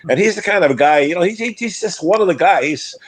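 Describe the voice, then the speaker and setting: An older former player and broadcaster telling stories in a rambling way, restarting sentences and acting out quotes. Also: male voice, high voice, lively intonation, a little fast, slightly rough, no room sound. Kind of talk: casual storytelling chat.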